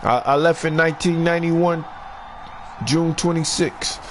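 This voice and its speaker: Man, New York accent, older, raised pitch, profane street slang, animated storyteller, casual talk over a game. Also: measured pace, a little hiss or hum. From Brooklyn, New York. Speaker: gamer streaming online play. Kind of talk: casual chat while gaming.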